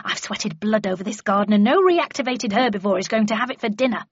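A woman voicing an indignant middle-aged mother who shouts in outrage at the damage to her garden. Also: fast talker, slightly rough, dry recording, muffled recording, lightly acted. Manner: shrill, outraged exclamations.

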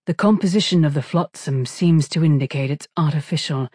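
A narrator voicing an ancient ship mind that explains in measured tones and whispers in a low register. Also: slightly rough, dry recording, clean studio sound, natural voice. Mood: explaining. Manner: measured, then hushed whisper.

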